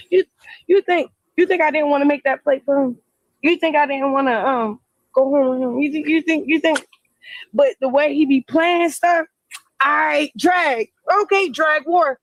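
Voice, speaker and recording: Rambling high-voiced woman, dry sound. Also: dry recording, rough recording. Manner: rambling, emphatic, repeats herself. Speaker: interviewee in a played clip. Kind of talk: casual livestream talk.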